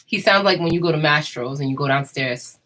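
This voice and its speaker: A woman's voice: low voice, fairly quick, a bit bright, low-quality recording. A woman chatting casually and candidly, rambling and laughing often. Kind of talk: casual chat.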